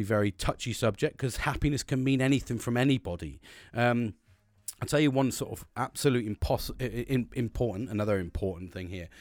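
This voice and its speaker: Man, vlogger, casual motivational talk, rambling, earnest, sweary, mid-pitched voice, dry close recording. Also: a little mellow, no room sound.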